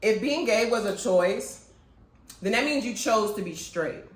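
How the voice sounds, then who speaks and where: Blunt woman from florida cohosting, mid pitch, roomy echo. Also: expressive, measured pace. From Florida, USA. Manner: blunt, emphatic, profane. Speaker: podcast co-host. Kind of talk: casual chat. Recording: echoey room.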